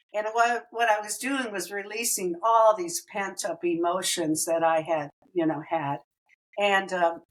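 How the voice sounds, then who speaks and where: A woman's voice: mid-range voice, rough recording. Chatty woman telling her story. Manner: animated, laughs often, acts out quoted dialogue. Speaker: podcast host. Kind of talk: personal storytelling.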